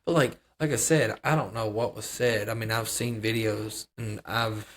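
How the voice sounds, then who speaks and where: A man's voice: lowish voice, steady tone, moderate pace. A man co-hosting a casual podcast chat, rambling and hedging with many restarts. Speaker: podcast co-host.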